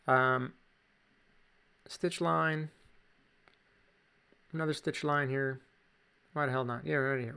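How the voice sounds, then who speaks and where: A man's voice: medium pitch, fairly even intonation, slow pace, creaky, long pauses, pushed and bright, clear, resonant tone. A man with a Canadian accent, chatting casually through a drawing tutorial with jokey asides. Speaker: drawing teacher.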